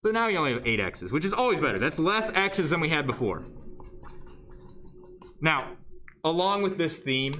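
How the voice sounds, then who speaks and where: A man's voice: a little high, very animated, moderate pace, pauses often, sharp tone, slight background noise. A man teaching a math lesson to his class in a chatty, joking way, often checking in with questions. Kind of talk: live-streamed classroom lesson.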